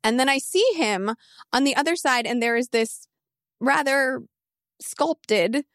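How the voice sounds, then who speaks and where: Animated woman podcast storyteller. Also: high-pitched, no room sound, studio quality. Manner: animated, emphatic, quick asides. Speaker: fantasy football analyst. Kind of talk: casual podcast storytelling and pitch.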